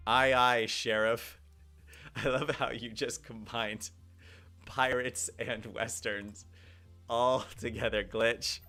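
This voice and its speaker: A man's voice: on the low side, fairly bright tone. Chatty man streaming a game. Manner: chatty, thinks aloud, reads chat. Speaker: gaming livestreamer. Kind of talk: casual live gameplay commentary.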